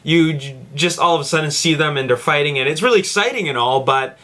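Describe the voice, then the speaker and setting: A man's voice: on the high side, quick pace, pushed and bright. A man hosting his own review vlog, giving blunt, opinionated takes in a casual way. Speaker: video reviewer.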